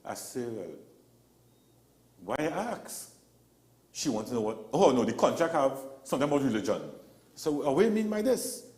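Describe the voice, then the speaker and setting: A man tells stories as a talk show guest, lively and expressive, voicing the people he quotes. His pitch moves around a lot. The room gives a noticeable echo. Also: normal speed, long pauses. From Trinidad and Tobago. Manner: animated storyteller, acts out quotes. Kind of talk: casual talk show conversation.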